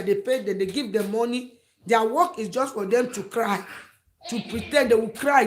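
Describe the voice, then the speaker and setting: Emphatic woman giving advice. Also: on the high side. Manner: emphatic and repetitive, acts out quoted friends. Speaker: advice vlogger. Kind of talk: preachy advice talk to camera.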